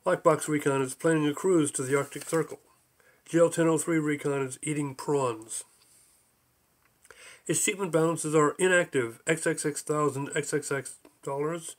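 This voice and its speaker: A man's voice: fairly high pitch, fairly even intonation, moderate pace. A man reading his own book aloud as an audiobook, dry and matter-of-fact. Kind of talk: audiobook narration.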